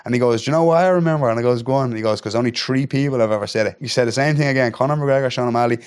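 A man's voice: mid-range voice, steady tone, racing, smooth. A man in his thirties with a Dublin accent, a guest on a podcast chatting bluntly and swearing freely, often tagging "do you know what I mean". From Ireland. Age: 30s. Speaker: guest, professional fighter. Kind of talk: casual podcast chat.

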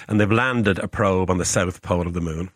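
A low-voiced, middle-aged man who talks at a rapid clip and stammers over repeated words in his excitement. He explains science to a radio host with eager energy. His voice is recorded dry and close. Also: no echo. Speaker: scientist guest.

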